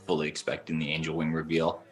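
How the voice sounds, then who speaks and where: A man's voice: rumbling low, monotone, quick pace, faint music behind. A man co-hosting a book podcast in casual, laid-back chat, thinking aloud and chuckling often.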